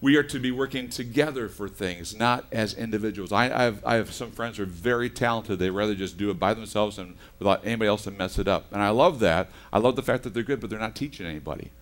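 A middle-aged male pastor preaching a sermon in a conversational, storytelling way, swinging from soft asides to loud emphatic bursts. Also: lowish voice, quick pace, hardly any pauses. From United States. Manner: conversational storytelling with self-corrections.

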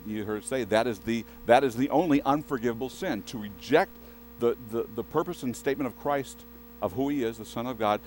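A man's voice: medium pitch, rough recording. A male pastor preaching a sermon in a conversational way, often restarting his sentences and turning to the congregation with asides.

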